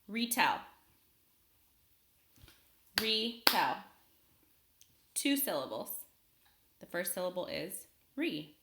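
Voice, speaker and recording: A woman teaching a phonics lesson to young children, speaking slowly and clearly and pausing for them to answer. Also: lowish voice, big pitch swings, a bit bright, reverberant, a little hiss or hum. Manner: slow, clear, patient teacher talk with pauses for students.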